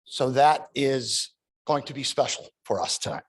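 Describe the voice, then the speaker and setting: A man's voice: mid-range voice, unhurried. A man in his thirties, the toastmaster of a club meeting, telling a personal story in a prepared speech with rhetorical questions.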